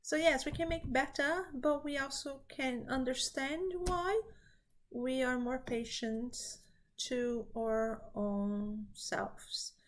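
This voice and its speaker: A woman's voice: sits high, unhurried. A woman speaking English as a second language, hosting a casual spiritual talk to camera, earnest and reassuring, repeating her key phrases. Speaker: spiritual reading channel host.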